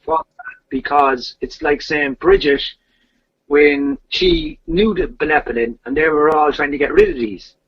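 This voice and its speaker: A storyteller casually retells an old legend, repeating himself and restarting as he goes. His voice is a little high and expressive, unhurried, with vocal fry and a breathy edge. The recording is dull and lo-fi.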